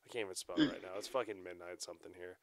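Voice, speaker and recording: A man's voice: deep voice, very fast, no room sound. A man co-hosting a podcast in blunt, sarcastic, profane casual chat. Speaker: podcast co-host.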